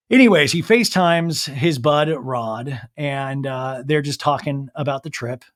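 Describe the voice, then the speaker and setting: A man hosting a podcast who recaps a reality show in a casual, snarky, animated way. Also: fairly high pitch. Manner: animated, snarky, acts out quotes. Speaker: podcast host.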